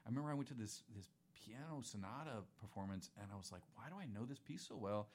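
A man's voice: fairly low pitch, lively intonation, fast, darkish tone. A man in casual conversation, a musician guest who talks in a laid-back, rambling way, full of slang and asides.

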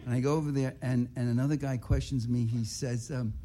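A man's voice: medium pitch, steady tone, brisk, dark tone. A man, a writer giving a public talk, telling rambling and indignant anecdotes full of restarts and asides. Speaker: writer and activist speaker.

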